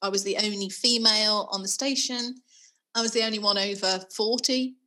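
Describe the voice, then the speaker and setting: A woman's voice: medium pitch, fairly even intonation, moderate pace, sharp tone. A middle-aged woman in casual chat, self-deprecating and laughing often.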